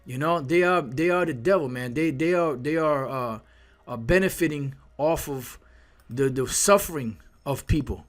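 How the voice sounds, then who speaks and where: This preacher's voice is on the high side at a moderate pace as he angrily works through scripture. He curses heavily, profanely repeating words while building each point.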